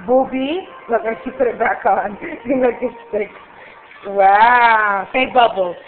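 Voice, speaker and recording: A woman's voice: on the high side, slow, soft background music. Woman coaxing a toddler, tinny home video. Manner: coaxing, sing-song baby talk. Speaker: parent filming a toddler. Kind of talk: home video, talking to a small child.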